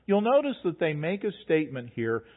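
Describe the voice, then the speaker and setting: A male pastor delivers a sermon, swinging his pitch widely and acting out quoted voices. His voice sits a little high for a man. The recording is tinny and phone-like. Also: brisk. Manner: animated preaching, acts out voices of the people in the story.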